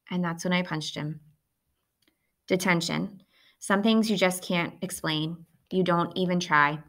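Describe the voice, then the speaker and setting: Woman reading a kids novel out loud, lowish voice, gravelly. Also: measured pace. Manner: steady, plain storytelling. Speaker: audiobook reader. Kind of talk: first-person novel narration.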